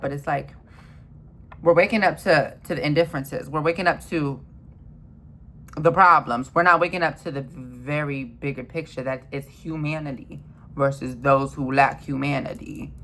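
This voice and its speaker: Woman going off in a heated rant, kinda low voice, cussing, gets loud then drops to a mutter. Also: slight background noise. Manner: heated, swearing, repeats herself, swings from loud outbursts to low mutters. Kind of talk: impassioned spoken rant.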